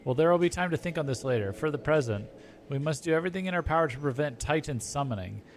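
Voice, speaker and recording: A man reading aloud the lines of an earnest, formal young male scholar from a video game, at a brisk clip. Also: fairly high pitch, lively intonation, a little hiss or hum.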